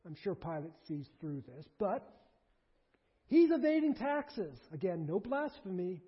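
A man preaching a sermon in an animated way, surging to emphatic bursts and dropping low, recorded in a large hall. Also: a little slow, breathy edge. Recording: dull lo-fi recording in a reverberant hall.

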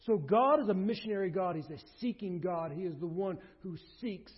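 A man's voice: high-pitched, expressive, moderate pace, husky. A man preaching a sermon as pastor, emphatic, driving his points home through repeated phrases. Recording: dull sound with long hall reverb.

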